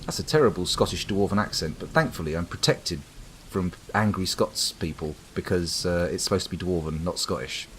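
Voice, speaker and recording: A man's voice: low-pitched, brisk, a little hiss or hum. A man from the UK giving wry, rambling live commentary on a game while chatting to viewers. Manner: wry, rambling, talks to chat. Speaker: streamer. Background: faint background music.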